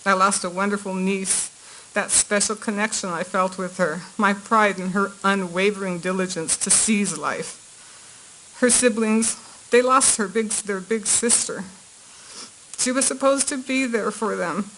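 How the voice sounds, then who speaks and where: A middle-aged woman reading a prepared statement in a courtroom as the victim's aunt, earnest and measured with her grief held back. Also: medium pitch, fairly bright tone, slight background noise, poor audio.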